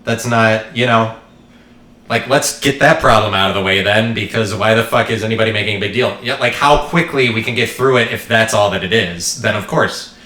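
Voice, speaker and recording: Podcast host, male, low-pitched, sharp bright tone, rambling and irreverent, roomy sound. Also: brisk. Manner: irreverent, joking, swears, trails off and restarts. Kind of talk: rambling solo podcast monologue.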